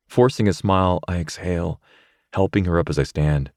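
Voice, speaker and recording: Very deep-voiced man narrating tensely. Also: fairly quick, no room sound, clean studio sound. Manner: tense, emotional. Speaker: audiobook narrator. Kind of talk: first-person romance narration.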